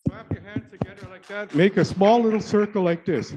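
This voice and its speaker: A man's voice: sits high, a little fast, mellow, natural voice. A man playing a flirty, rambling joker who teases the crowd with live comedy, talking into a handheld mic. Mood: teasing. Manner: teasing, rambling, chatty, peppered with "eh". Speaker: stand-up comedy character entertaining a crowd. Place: large event hall. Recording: dull, muffled live-event recording.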